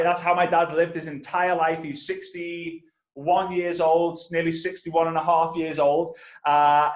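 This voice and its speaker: A thirties-aged network marketing trainer tells an energetic story, speaking directly and animatedly to his listeners. His voice is on the high side, and the recording has a roomy sound.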